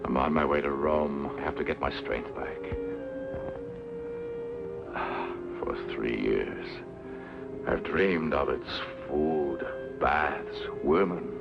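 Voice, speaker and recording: A gravelly, very deep-voiced wounded centurion. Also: male voice, lively intonation, takes it slowly, pauses often, full character voice. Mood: gruff. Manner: gruff, brusque. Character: weary wounded male Roman centurion, gruff and lusty. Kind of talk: 1960s film dub. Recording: dull old film sound with music.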